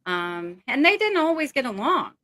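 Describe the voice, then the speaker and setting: Bright-voiced woman rambling warmly. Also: high voice, big pitch swings, moderate pace, no room sound. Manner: rambling, emotional, lots of fillers. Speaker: interview guest. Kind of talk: casual interview over a call.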